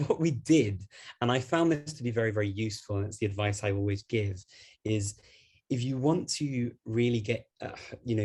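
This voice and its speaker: A man's voice: on the low side, dark tone. A man with a Scouse Liverpool accent, giving an online talk in a chatty way and laughing between points. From Liverpool, England. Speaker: guest speaker on language learning.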